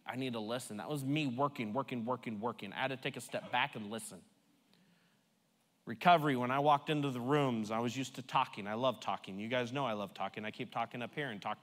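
Conversational pastor in a reverberant hall. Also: male voice, on the high side, a bit bright. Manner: conversational, emphatic, with playful repetition. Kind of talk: sermon. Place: church sanctuary.

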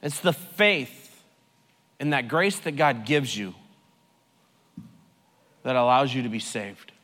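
A man preaching a sermon with personal testimony at a recovery ministry, swinging between loud joking and hushed, earnest delivery. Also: medium pitch, lively intonation, takes it slowly, long reverb tail.

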